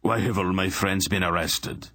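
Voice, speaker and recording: A man playing a pompous, blustering high priest who speaks with haughty indignation. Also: steady tone, moderate pace, sharp tone, no echo, studio quality. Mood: indignant.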